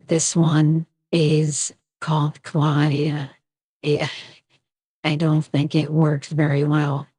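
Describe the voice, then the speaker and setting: A streamer talking through an AI voice changer that turns the voice into a low, husky woman's voice, chatting wryly during a live stream. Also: dark tone, no room sound.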